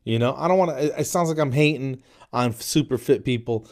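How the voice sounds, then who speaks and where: A man's voice: medium pitch, brisk. A man in his forties, from New Jersey, hosting a podcast in a jokey comedic monologue that he peppers with "man" and "dude". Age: 40s. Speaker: podcast host.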